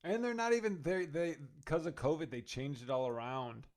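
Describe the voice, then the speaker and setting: A man's voice: fairly high pitch, normal speed. A man co-hosting a casual podcast, telling a story and acting out his friends' voices. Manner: animated storyteller, acts out quoted friends. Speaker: podcast co-host.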